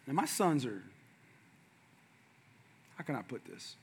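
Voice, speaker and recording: A man's voice: mid-range voice, sing-song, slow pace, long pauses, slightly rough. A middle-aged male pastor telling a funny family story in a playful, conversational sermon, calling out to the congregation.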